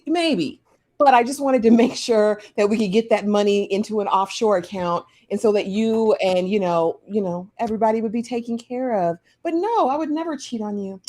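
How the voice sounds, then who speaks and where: A woman's voice: medium pitch, a little mellow. A woman co-hosting a live episode review, summarizing scenes with a wry, sarcastic edge.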